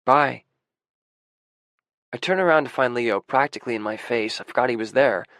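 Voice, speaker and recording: A man narrating a first-person audiobook in a wry, gruff manner on a close studio mic. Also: mid-range voice, quick pace, fairly bright tone, dry recording.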